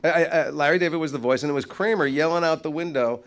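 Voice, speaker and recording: A man's voice: fairly high pitch, fast. A man, a guest actor, recounting stories on a live stage and acting out the people he quotes. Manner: expressive, acts out quoted voices. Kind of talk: live stage interview, anecdotes. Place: live stage before an audience.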